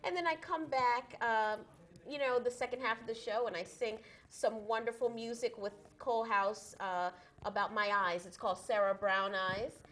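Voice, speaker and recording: A woman's voice: on the high side, steady tone, moderate pace, fairly bright tone. A woman guest on a talk show, chatting enthusiastically about the songs she performs and laughing easily. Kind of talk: casual interview chat.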